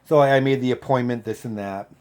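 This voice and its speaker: A man in his fifties, a former Marine, casually telling a profane story and getting loud when he quotes people. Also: medium pitch, fast. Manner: profane, animated, loud when quoting others.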